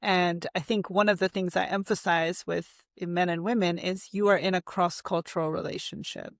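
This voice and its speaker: A woman therapist guest explains, dotting her talk with "right?" and little fillers. Her voice has a gritty, creaky texture. The sound is close and dry. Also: fairly low pitch, normal speed, dry recording. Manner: animated, uses fillers and rhetorical questions. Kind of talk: conversational explaining.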